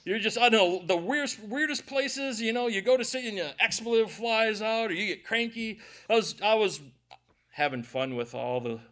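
A man's voice: high-pitched, lively intonation, moderate pace, fairly bright tone. A middle-aged man preaching a conversational sermon to a church gathering, telling personal stories with jokes and speaking directly to the congregation. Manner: jokey storytelling, addresses the congregation directly.

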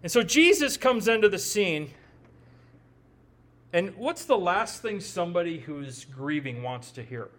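A man's voice: high voice, animated, unhurried, a bit bright. A man with a Midwestern accent preaching a sermon as pastor, conversational, often repeating words as he thinks aloud and adding joking asides.

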